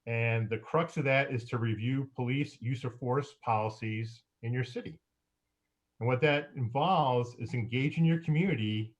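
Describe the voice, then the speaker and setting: A man gives his council report as mayor. He speaks in a halting way, with frequent fillers and pauses. His pitch sits in the ordinary middle range for a man. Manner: halting, many fillers, occasional laughs.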